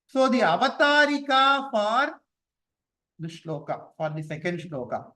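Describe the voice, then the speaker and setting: A man teaching a class on scripture verses. He explains each point patiently with repetition and chants the verses slowly. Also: high voice, bright, forceful tone, poor audio.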